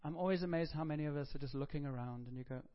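Conversational preacher man, slightly high voice. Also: rapid-fire, smooth, lo-fi sound. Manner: conversational preaching with emphatic rises. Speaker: pastor. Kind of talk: sermon.

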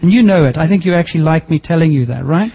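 A man preaching a sermon as a pastor, lively and joking, with sudden jumps in pitch for emphasis. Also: fast, vocal fry, slightly rough, dull audio.

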